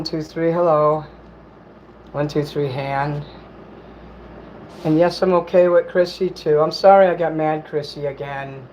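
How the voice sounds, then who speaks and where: A man's voice: fairly high pitch, darkish tone, muffled recording, slight background noise. A man hosting a casual livestream from home, reading chat while he eats and rambles in an apologetic way, swearing here and there.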